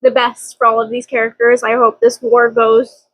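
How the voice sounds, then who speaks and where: A young woman chatting casually as a book vlogger at home, dramatic and quick to laugh, with casual swearing. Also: fairly high pitch, completely flat delivery, no echo, poor audio. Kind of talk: casual chat.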